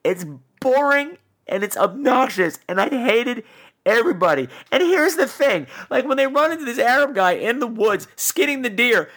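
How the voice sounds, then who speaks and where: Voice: medium pitch, animated, moderate pace, a bit bright. A podcast host ranting sarcastically about a bad movie, swearing freely and repeating words for emphasis.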